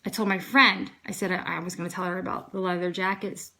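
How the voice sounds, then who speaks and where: Bright-voiced woman telling a faith story. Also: lowish voice, fast talker. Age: 30s. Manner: earnest, animated retelling with quoted dialogue and frequent fillers. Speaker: vlogger sharing a faith testimony. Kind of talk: casual storytelling.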